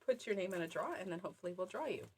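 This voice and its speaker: A woman's voice: lowish voice, expressive, very fast, slightly rough. A woman co-hosting a quilt shop's live show, giggly and self-deprecating in casual chat. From Canada. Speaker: quilt shop co-host.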